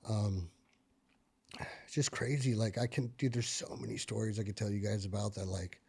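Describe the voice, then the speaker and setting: A man, a military veteran, telling stories from his service in a casual podcast chat, full of fillers and swearing, and getting loud and animated at the tense parts. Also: on the low side, moderate pace, vocal fry, breathy edge. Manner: profane, filler-heavy, gets animated and loud when reliving tense moments. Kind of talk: casual conversational storytelling.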